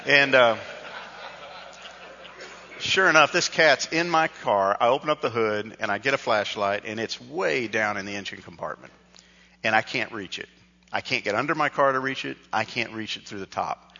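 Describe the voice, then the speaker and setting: Male pastor telling a funny story in his sermon, bright punchy voice, long echo like a big church, kinda muffled recording. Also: medium pitch, normal speed. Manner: animated, self-mocking storyteller who acts out dialogue. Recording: dull recording with long hall reverb.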